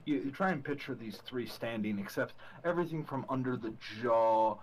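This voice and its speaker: A man's voice: medium pitch, animated, moderate pace, low-quality recording. A man playing in a tabletop game, teasing the others and narrating what his character does in a dry, plain way. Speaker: player. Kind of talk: casual tabletop game play.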